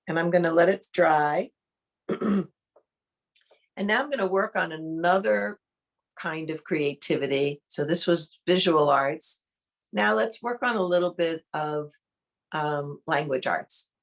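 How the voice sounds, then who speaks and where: A woman with a notably low voice leads an art workshop in a slow, unhurried way. She talks through each step calmly as she demonstrates it. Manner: calm, unhurried, thinks aloud while demonstrating. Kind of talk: online interactive workshop teaching.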